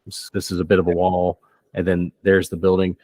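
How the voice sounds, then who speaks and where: A man's voice: low-pitched, completely flat delivery, fairly quick, dark tone, dry recording. A man narrating as game master, loose and descriptive, often laughing.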